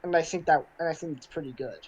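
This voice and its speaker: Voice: mid-range voice, fast. A co-host in a casual group riff chat, rambling with stumbles and restarts and laughing between lines. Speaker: co-host riffing on a show.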